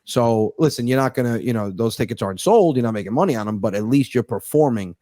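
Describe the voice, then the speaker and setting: Animated young comedian, profane and dry-miked. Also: male voice, mid-range voice, fast, no room sound. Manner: animated, profane, acts out other people's lines. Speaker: guest comedian. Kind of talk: casual storytelling chat.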